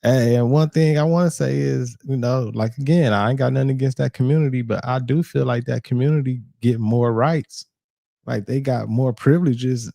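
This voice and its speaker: A male reaction host comments in loose, profane slang and shouts out his viewers by name. His voice is dark and gravelly. The sound is dry, with no room around it. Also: mid-range voice, no room sound.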